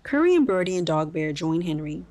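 A woman hosting a children's podcast and narrating a story in an expressive read-aloud style. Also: fairly low pitch, brisk.

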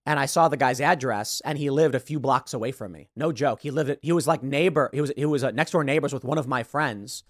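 A man's voice: mid-range voice, fairly quick, hardly any pauses, dry recording. Sarcastic man with a dry, close sound. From Chicago, USA. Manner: sarcastic, storytelling. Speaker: show host. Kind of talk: political commentary monologue.

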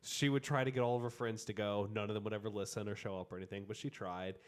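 A man with a lowish voice recounts a story in loose, casual talk. He strings it together with constant "like" fillers and restarts. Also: fairly even intonation, fast talker, clear, resonant tone.

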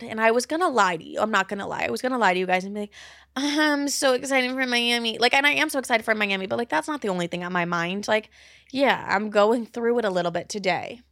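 A woman's voice: mid-range voice, a bit bright, dry recording, clean studio sound. A young adult woman hosting her own podcast, talking candidly and casually with lots of "like" and frequent swearing. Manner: candid, swears a lot, chatty filler "like". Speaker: podcast host. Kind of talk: casual solo podcast chat.

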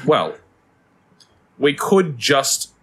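A man's voice: medium pitch, sing-song, very slow, a bit bright, breathy edge. A man co-hosting a podcast, joking in dry sarcastic banter. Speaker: podcast co-host. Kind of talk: casual chat.

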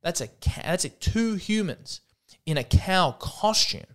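A man acts out a starving cannibal who pleads with excitement, in an Australian accent. His voice swings up and down through a told joke. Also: high-pitched, unhurried, pitched above the performer's own voice. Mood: insistent. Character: starving male cannibal, eager and hopeful.

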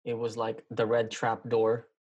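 A man's voice: lowish voice, monotone, unhurried, darkish tone. A man talking casually about a TV series, rambling and hesitant, with many fillers and restarts. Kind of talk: casual chat.

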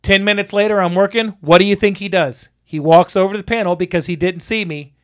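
Animated, cursing man telling a story. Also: sits high, quick pace. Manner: animated, profane, exasperated. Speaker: storyteller, electrician. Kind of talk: casual podcast storytelling.

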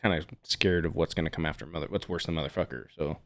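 A man's voice: extremely low pitch, fairly even intonation, fast talker, a bit bright. A man on a casual podcast, telling laid-back anecdotes peppered with swearing. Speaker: podcast guest.

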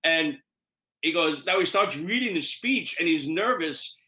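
A man hosting a relaxed talk over a video call, spinning stories with lively, profane energy. His voice sits fairly high and sounds bright and forceful. The audio is roomy, with a noticeable echo. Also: unhurried. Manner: animated storyteller, swears freely. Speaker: podcast host. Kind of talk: casual chat.

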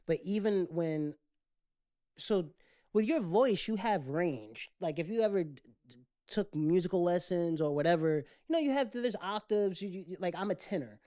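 A man co-hosting a casual podcast, with a fairly high tenor voice, rambling and restarting his sentences often. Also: lively intonation, normal speed, warm tone. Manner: rambling, with many restarts and repeated words. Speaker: podcast co-host.

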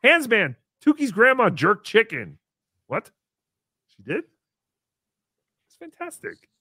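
A man hosting a casual livestream, reading paid chat messages with sarcastic jokes. He swings from loud bursts to mumbled asides. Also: high-pitched, huge pitch swings, takes it slowly, slightly rough, no echo, clean studio sound.

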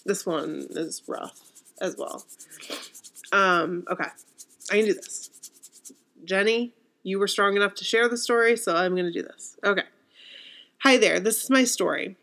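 A woman's voice: medium pitch, moderate pace, long pauses, a bit bright. A woman co-hosting a casual talk show, emotional and sniffling as she reads listener stories aloud. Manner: emotional, sniffling, laughing through tears. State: teary and sniffling. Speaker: podcast co-host reading listener stories. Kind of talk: casual chat and reading aloud.

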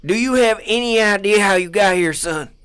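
A man voicing a stern doctor who questions a reanimated corpse loudly. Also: high-pitched, moderate pace, clean tone, pitched above the performer's own voice.

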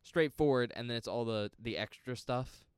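A young man of medium pitch speaks at normal speed, his tone clean in a clean studio sound with no echo. He co-hosts a casual movie podcast, teasing his friend and explaining film history, animated whenever he makes a point.

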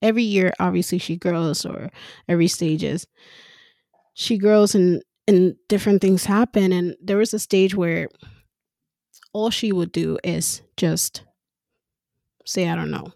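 Frank, gravelly-voiced woman talking candidly. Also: fairly low pitch, measured pace, pauses often, dry recording, clean studio sound. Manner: frank and animated, swears freely, laughs often. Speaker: mother talking about parenting. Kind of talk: casual monologue.

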